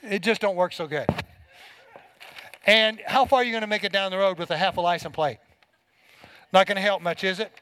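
A man's voice: high voice, a little fast, pauses often, bright, forceful tone, smooth, poor audio. A middle-aged man preaching a sermon to a congregation, folksy and emphatic, with homespun everyday examples. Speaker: pastor.

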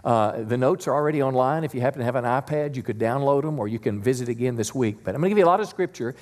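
A male pastor preaches a Sunday sermon in a middle-pitched voice, keeping it conversational and easygoing. He draws the congregation in, asking them to repeat key lines back to him. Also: racing, a little mellow. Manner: conversational preacher, leads call-and-response. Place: church sanctuary.

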